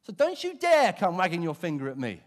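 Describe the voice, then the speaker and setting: A man's voice: extremely high pitch, big pitch swings, a little slow, vocal fry, voice pushed up, heavily acted. A man doing a whiny, defensive young king. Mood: whining, indignant. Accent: British. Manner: whining, protesting, rising to indignation. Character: defensive, self-pitying young king blaming others. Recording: long reverb of a church hall.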